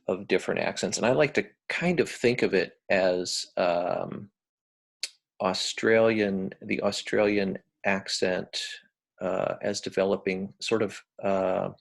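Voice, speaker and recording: Brief: deep, gravelly American professor, slow and hesitant lecture delivery. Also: male voice, steady tone. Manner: hesitant, many fillers and restarts, explains with a metaphor.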